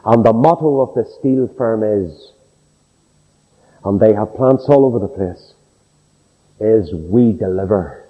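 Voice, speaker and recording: A man's voice: fairly low pitch, slow pace, pauses often. A man preaching a sermon in a dramatic, emphatic way, acting out the people he quotes. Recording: dull recording with long hall reverb.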